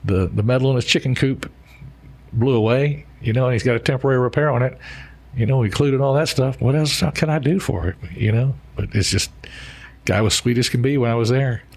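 A man's voice: mid-range voice, fairly quick, darkish tone. A jovial man who works as an insurance adjuster, rambling through stories in a casual podcast chat. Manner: jovial, rambling, full of fillers.

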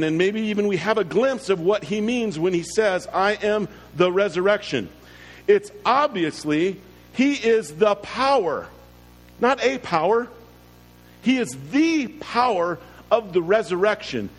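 A pastor preaching an earnest sermon, slowing down to stress key words. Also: male voice, sits high. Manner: earnest preaching with slow, drawn-out emphasis. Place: church. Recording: long reverb with faint music.

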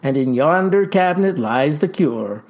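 A man voicing a stern, pompous farm father lecturing his son in high-flown words. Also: lively intonation, unhurried, a little mellow.

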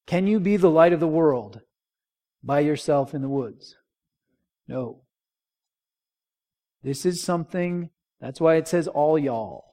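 A man's voice: fairly high pitch, slow, pauses often, dark tone. A man preaching a sermon, conversational, asking the congregation rhetorical questions and drawing call-and-response. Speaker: pastor.

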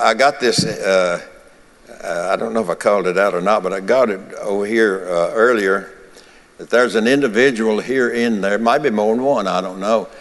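A man with a low voice preaches a sermon in a church, his words trailing into a long, ringing reverb. He talks in a rhythmic cadence and repeats his key lines over and over. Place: church sanctuary.

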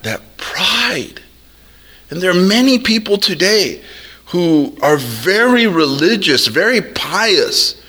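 Slow, bright-voiced male preacher. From Arab heritage. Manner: preaching slowly, dropping low for quoted voices. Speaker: pastor. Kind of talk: sermon.

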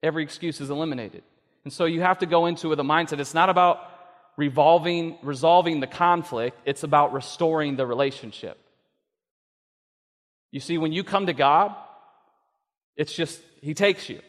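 A man's voice: fairly high pitch, normal speed, long pauses. A male pastor preaching a sermon, acting out voices and building to emphatic peaks. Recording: long reverb of a hall.

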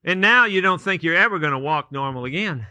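A man's voice: on the high side, animated, brisk, sharp tone, no room sound. A man preaching a sermon as a pastor, telling folksy made-up stories to make his point. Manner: storytelling with hypotheticals, folksy and repetitive.

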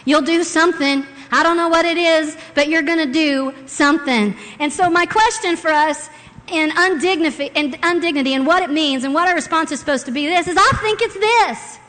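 High-voiced woman preaching in an echoing hall. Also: normal speed. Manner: expressive, swings from hushed reading to loud singing. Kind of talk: sermon. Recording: long hall reverb.

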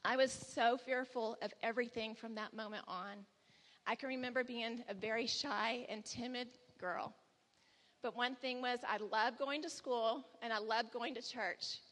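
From a church stage, a woman in her forties candidly shares a personal testimony, slipping into dialogue when she quotes her son. Her slightly high, bright voice has fairly even intonation and a moderate pace, and it trails off into the long reverb of a large hall.

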